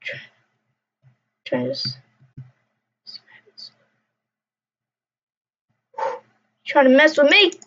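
A young woman with a fairly high voice talks slowly and loosely while she plays, mumbling to herself and tossing out jokey trash talk. The sound is dull and lo-fi, like a cheap home mic. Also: huge pitch swings, a bit bright. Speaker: gamer. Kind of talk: casual gameplay commentary. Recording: dull lo-fi recording.

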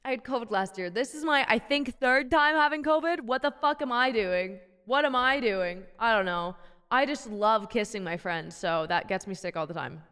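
A woman's voice: a little high, lively intonation, moderate pace, fairly bright tone, clean tone, big-room sound. Sick woman streamer, crude and playful. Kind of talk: casual live-stream chat.

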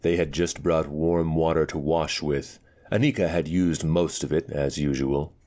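Deep male narrator, steady fantasy audiobook read. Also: measured pace. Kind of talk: scripted narration.

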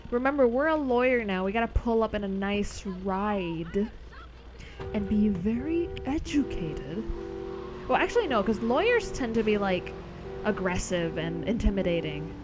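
Young woman, game streamer, casual rambling chat, laughs a lot, mid-pitched voice. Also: lively intonation, moderate pace, music in the background. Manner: rambling, chatty, laughs often. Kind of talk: casual live-stream chat over gameplay.

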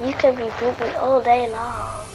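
A woman chatting casually while playing a game with a friend, giving excited, bossy calls to her teammate. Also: on the high side, a little slow, gravelly, music in the background, rough recording. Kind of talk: casual gameplay chat.

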